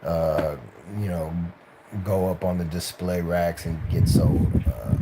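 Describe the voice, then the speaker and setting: Deep-voiced tired man rambling through a story. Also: level tone, slow, background noise. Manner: rambling, many fillers and restarts, slips into voices. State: tired, late at night. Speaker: actor telling his career stories. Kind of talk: casual live-stream storytelling.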